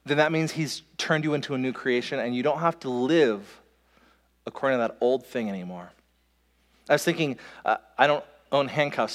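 A man preaching a sermon as pastor, in a conversational way, with quick asides and restarts. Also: medium pitch. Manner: conversational, self-interrupting, with quick asides and laughs. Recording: long hall reverb.

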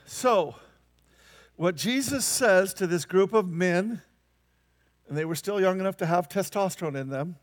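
A man preaching a sermon, animated and emphatic, with incredulous asides. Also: high-pitched, dry recording. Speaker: pastor.

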